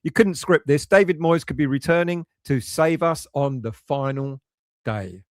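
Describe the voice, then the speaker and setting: A middle-aged man hosting a casual live stream, reading out chat and talking emotionally and excitably about his team's fate. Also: on the high side, a little slow, dry recording, studio quality. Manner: emotional, excitable, swings between nervous and resigned. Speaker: fan channel host reading chat.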